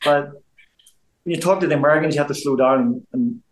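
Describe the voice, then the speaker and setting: A man's voice: fairly high pitch, quick pace. Belfast man rambling in a roomy space. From Belfast, Northern Ireland. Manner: rambling, repeats himself, frequent restarts. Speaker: interview guest, former boxer. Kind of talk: casual interview chat.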